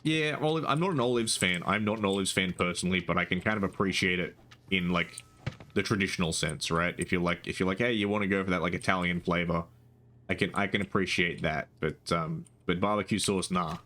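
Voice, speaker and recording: A man's voice: deep voice, brisk, pushed and bright. A young man streaming live, chatting casually and rambling with frequent restarts and casual swearing.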